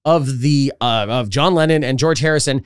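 A man co-hosting a podcast in casual chat, jokey and quick to laugh. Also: medium pitch, smooth. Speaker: podcast co-host.

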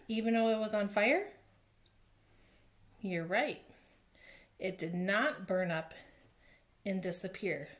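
A woman leading a children's Bible lesson, reading the story and then walking through a craft. She speaks very slowly and gently, with a calming, patient delivery and a medium-pitched voice. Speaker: children's ministry presenter.

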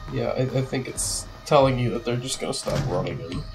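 A man's voice: mid-range voice, brisk, vocal fry, over music. A man co-hosting a gaming stream, giving dry tips and teasing while reading viewer comments. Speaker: co-host reading viewer chat. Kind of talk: casual chat.

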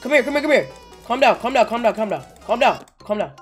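A young woman giving excitable, slangy gameplay commentary, yelling and muttering to herself in bursts. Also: fairly high pitch, fast talker, soft background music, some chatter behind. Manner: yells and laughs in bursts, slangy, mutters to self. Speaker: gaming YouTuber.

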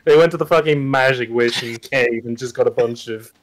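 A man's voice: medium pitch, brisk. A man co-hosting a casual stream chat, rambling, swearing and joking. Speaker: streamer co-host.

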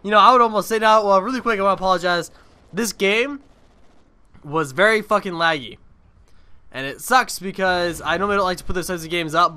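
A man's voice: high voice, bright, forceful tone, clean tone. A young man giving casual gameplay commentary on his own video, rambling and swearing freely. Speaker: gaming video creator.

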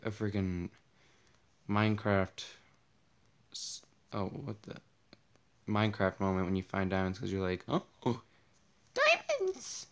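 A man's voice: on the low side, clear, resonant tone. A young man with a tired, partly lost voice, rambling through casual gameplay commentary, easily startled and joking at himself. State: losing his voice, tired. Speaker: gaming channel host. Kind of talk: casual Let's Play commentary.

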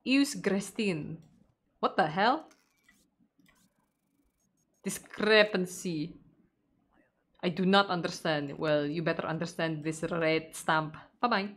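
A woman with an Indonesian accent streaming a game, casually chatting, reading the game text aloud and breaking into excited shrieks. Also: lowish voice, slow, pauses often. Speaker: VTuber streamer. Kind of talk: casual gameplay commentary.

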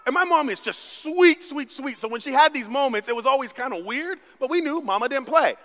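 A man preaching a sermon as pastor, telling stories with big swings from hushed to shouting. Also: very high voice, lively intonation, brisk. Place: church sanctuary. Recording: long reverb of a church hall.

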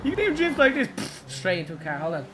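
A woman's voice: medium pitch, fast talker. Giggly irish girl streaming a car game, voice bouncing all over, noisy game sounds behind. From Ireland. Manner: excitable, giggly, shrieks at mishaps. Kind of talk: live gaming stream commentary.

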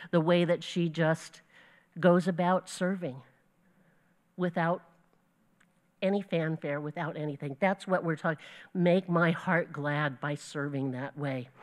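Woman teaching a Bible lesson. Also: sits low. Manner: earnest, warm storytelling with small slips and self-corrections. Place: church gathering.

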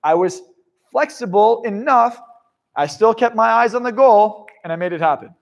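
A man giving a live motivational seminar talk to an audience, blunt and profane, swinging from loud outbursts to hushed asides. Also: sits high, animated, moderate pace, creaky. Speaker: motivational speaker.

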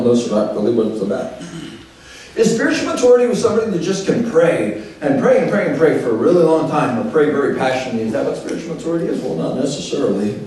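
A man's voice: medium pitch, dark tone, distant mic. A male pastor preaching a sermon, emphatic, repeating key phrases and asking rhetorical questions. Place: church sanctuary. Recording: very echoey church hall, voice from off-mic, faint room noise.

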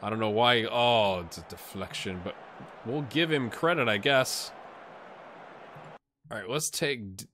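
A man doing a tired but excitable, jokey play-by-play while he plays a game on video, with asides to his viewers. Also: fairly low pitch, a little slow, pauses often, slight background noise. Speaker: gaming YouTuber. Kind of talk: let's play commentary.

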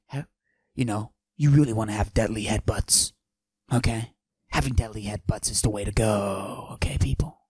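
A man doing a cocky macho character who forces his voice deep and breathy, in a comedic podcast monologue. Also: a little mellow, dry recording. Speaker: podcast host.

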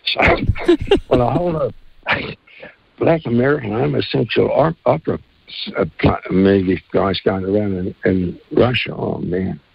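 A man's voice: on the low side, moderate pace, gravelly, slightly rough, no room sound, lo-fi sound. A man, a singer-songwriter telling rambling, earthy stories in a casual radio interview.

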